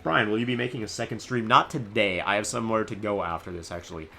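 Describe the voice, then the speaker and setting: A man streaming a game live, commenting in an excitable, jokey way and laughing often. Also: lowish voice, fast, vocal fry. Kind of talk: live let's-play commentary.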